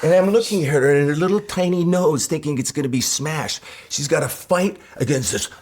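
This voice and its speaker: Husky-voiced joking man. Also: on the high side, brisk, a little mellow. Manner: joking, teasing banter. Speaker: reality show contestant. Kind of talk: candid interview storytelling.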